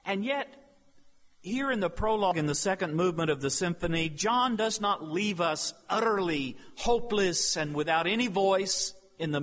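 A man preaching a sermon, slow and emphatic, with dramatic pauses, in a church sanctuary. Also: fairly high pitch, fairly bright tone. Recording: long reverb of a large hall.

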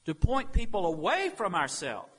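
A man preaching a sermon, slow and emphatic, with dramatic pauses, in a church sanctuary. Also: sits high, huge pitch swings, husky. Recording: long reverb of a large hall.

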